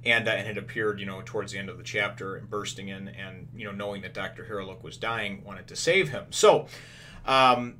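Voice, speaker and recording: A man's voice: lowish voice, fairly quick, pushed and bright, slight background noise. A man casually recapping a comic chapter, rambling with many fillers and restarts. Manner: acts out characters' quotes in retelling. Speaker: manga reviewer.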